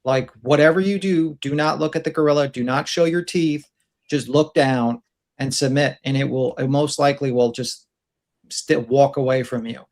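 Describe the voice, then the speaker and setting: Brief: man co-host, mid-pitched, rambling and chatty, storytelling with restarts. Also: moderate pace, darkish tone. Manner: rambling storyteller, gives advice. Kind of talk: casual chat.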